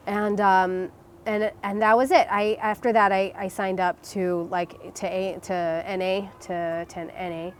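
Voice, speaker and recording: A young adult woman telling her personal story as an interview guest, emotional and halting, with many restarts and fillers. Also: mid-range voice, level tone, slight background noise.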